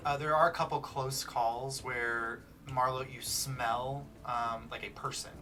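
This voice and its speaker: Casual male game master, halting and chatty, recorded slightly off-mic. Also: mid-range voice, fairly even intonation, bright, forceful tone, far from the mic, a little hiss or hum. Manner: casual, halting, many fillers. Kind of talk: narrating a tabletop game.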